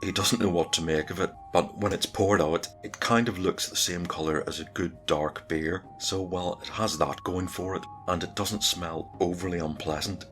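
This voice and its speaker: A man narrating a solo tabletop game in a relaxed, conversational storytelling way. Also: sits low, moderate pace, hardly any pauses, soft background music.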